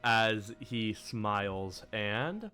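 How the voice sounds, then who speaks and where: A man narrates a tabletop game slowly, with plenty of rise and fall in his pitch. He breaks into laughter often. Faint music plays behind him. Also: animated, sharp tone, smooth. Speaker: game master.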